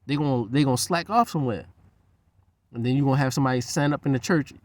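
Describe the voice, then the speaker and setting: A man's voice: on the high side, animated, quick pace, no room sound. A man talking in a loose, profane, rambling monologue. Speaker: host.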